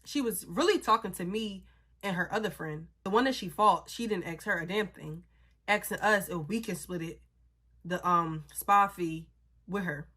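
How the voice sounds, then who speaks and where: A woman's voice: fairly low pitch, normal speed, sharp tone, slightly rough. Young woman, blunt profane storytime. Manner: blunt, profane, exasperated retelling. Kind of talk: casual storytime.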